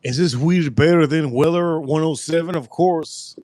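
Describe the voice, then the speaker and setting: Male livestream host, raised pitch, dry close sound, rambling profane storyteller. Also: normal speed, a little mellow, no echo. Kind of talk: casual livestream chat.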